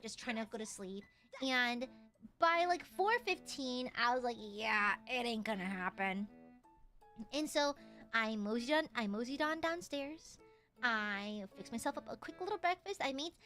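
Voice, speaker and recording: Animated, high-voiced woman streamer. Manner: animated, exclaiming, swears freely. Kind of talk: casual storytelling on a live stream.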